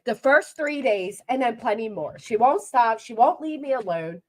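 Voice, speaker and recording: A woman's voice: fairly high pitch, animated, moderate pace, a little hiss or hum. A woman hosting a drama commentary channel, reacting to a clip with blunt, sarcastic remarks and frequent laughter.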